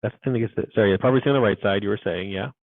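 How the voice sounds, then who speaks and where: A university instructor with a fairly low voice teaches a programming class in a live coding lecture, talking rapid-fire as he thinks aloud and mutters asides to himself. The sound is phone-quality with no echo.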